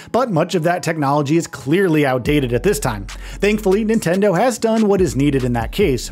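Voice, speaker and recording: A man narrating a scripted tech video in a lively read that often drops in pitch at the ends of clauses. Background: faint background music.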